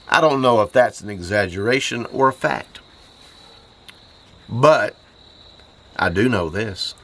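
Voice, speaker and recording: A grieving man hosting his homestead channel, choked up, with a hoarse voice and halting speech full of pauses and repeats. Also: fairly bright tone. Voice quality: hoarse, voice lower than usual. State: choked up from grief. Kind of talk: grieving personal vlog. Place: farm in the Appalachian mountains, outdoors.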